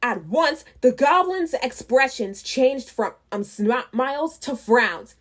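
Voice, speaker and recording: A woman reading a children's storybook aloud, unhurried, with small restarts. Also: high-pitched, animated, fairly bright tone. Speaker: children's book reader.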